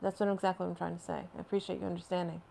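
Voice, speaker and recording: A woman's voice: fairly low pitch, little pitch movement, racing, vocal fry, mellow, slight background noise. A woman hosting a casual live stream from home, rambling and chatting as she answers viewer comments, laughing often between phrases.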